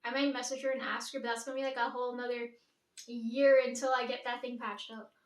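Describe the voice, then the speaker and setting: A woman's voice: a little high, little pitch movement, quick pace. A young woman vlogging at home in a rambling, chatty way, with casual swearing and lots of "like". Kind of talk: casual daily vlog chat. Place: room at home. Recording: echoey room, mic at a distance.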